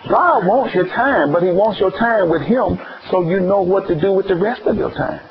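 A man with a Southern US accent preaching a playful, animated sermon with call-and-response. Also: high voice, normal speed, muffled recording, slight background noise.

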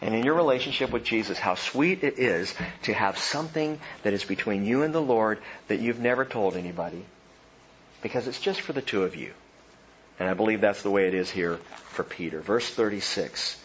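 A man preaching a sermon, animated, swinging from loud emphatic lines to soft hushed ones. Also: fairly low pitch, brisk, muffled recording, slight background noise. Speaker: pastor.

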